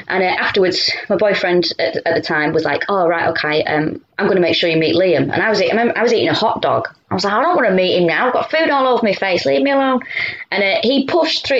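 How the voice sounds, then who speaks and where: A woman's voice: lowish voice, highs cut off. A woman from Manchester with a Mancunian accent, a comedian chatting in an interview and telling stories with many fillers and restarts. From Manchester, England. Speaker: comedian guest. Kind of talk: casual interview chat.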